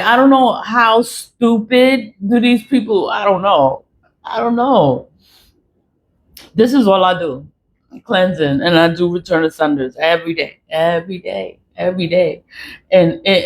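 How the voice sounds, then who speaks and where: A woman's voice: mid-range voice, unhurried, low-quality recording. A woman talking straight to camera about her spiritual cleansing practice, blunt and swearing, laughing between her points. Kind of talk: casual monologue to camera.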